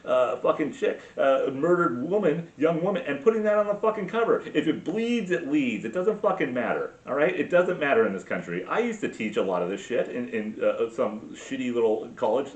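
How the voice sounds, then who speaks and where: A man's voice: medium pitch, animated, moderate pace, hardly any pauses. A man hosting a podcast, ranting crudely and sarcastically, full of swearing and filler words. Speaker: podcast host. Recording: roomy, distant, dull sound.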